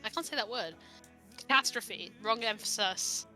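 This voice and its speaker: A woman's voice: mid-range voice, expressive, moderate pace, bright, forceful tone, soft background music. A woman co-hosting a stream in casual chat, making dry, teasing remarks. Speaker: stream co-host.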